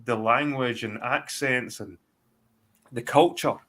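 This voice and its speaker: A man's voice: medium pitch, slow pace, fairly bright tone. A man with a Scottish accent, talking bluntly in a rambling, heavily sworn live-stream chat. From Scotland. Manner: blunt, heavy swearing, rambling. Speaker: guest.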